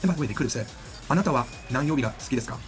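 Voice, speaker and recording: A man's voice: mid-range voice, lively intonation, rapid-fire, faint music behind. A man teaching a beginner language lesson in an upbeat, chatty way, repeating each new word for the listener to drill.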